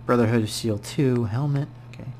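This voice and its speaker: A man giving casual let's-play commentary, excitable, swinging from mumbling to loud outbursts. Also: medium pitch, fairly quick, slight background noise. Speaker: gaming YouTuber.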